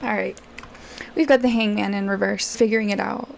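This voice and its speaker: A woman's voice: mid-range voice, fairly even intonation, a little fast, vocal fry, slight background noise. A woman doing a casual tarot reading, chatting directly to her viewers with plenty of fillers. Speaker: tarot reader.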